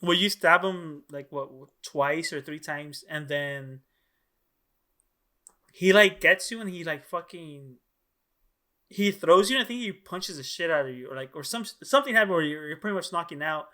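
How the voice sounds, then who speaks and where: Higher bright voiced guy cohosting a podcast, hyped and slangy, cusses constantly. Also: normal speed. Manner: excited, slangy, heavy swearing. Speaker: podcast co-host. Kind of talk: casual chat.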